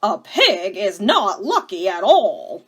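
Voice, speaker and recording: A woman voicing a stern, disapproving older sister in a storybook, scolding and emphatic, with a breathy voice. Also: medium pitch, sing-song, slow, exaggerated voice.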